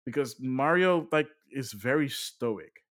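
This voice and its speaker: A man chatting casually about games and films, lively and full of fillers, his voice jumping up when he gets excited. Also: mid-range voice, takes it slowly. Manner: animated, filler-heavy, voice jumps up when excited.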